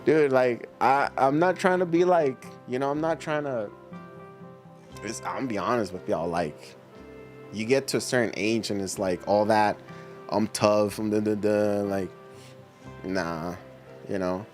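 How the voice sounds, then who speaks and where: A man's voice: fairly low pitch, unhurried, pauses often, faint music behind. A middle-aged man hosting a livestream, chatting casually with viewers in a laid-back, slangy way and laughing often. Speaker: livestream host reading chat. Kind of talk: casual chat reading viewer comments.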